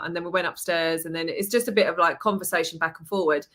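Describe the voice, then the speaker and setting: A woman hosting a podcast, telling a story in a lively, chatty way, swearing and acting out what people said. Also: on the low side, brisk. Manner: animated storytelling, swears, acts out quotes. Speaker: podcast host. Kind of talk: casual chat.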